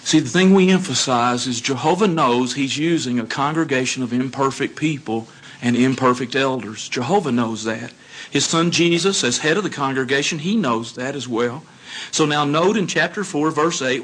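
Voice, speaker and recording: A man giving a sermon, telling stories in an animated way and putting questions to his listeners. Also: medium pitch, moderate pace, slightly rough. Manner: animated storytelling, acts out dialogue, asks the audience questions. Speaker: congregation speaker.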